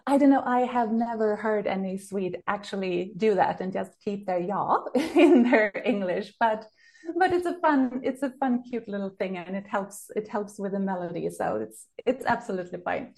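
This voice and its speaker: A woman's voice: mid-range voice, moderate pace, darkish tone. Friendly woman co-hosting a podcast. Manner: friendly, giggly, thoughtful. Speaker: podcast co-host. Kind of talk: casual chat about a TV show.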